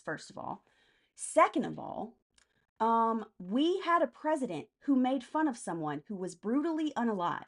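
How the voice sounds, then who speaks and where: Blunt woman streamer answering chat. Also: a little high. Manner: blunt and profane, answers chat commenters by name. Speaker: live stream host. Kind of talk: casual political live stream, reading chat comments.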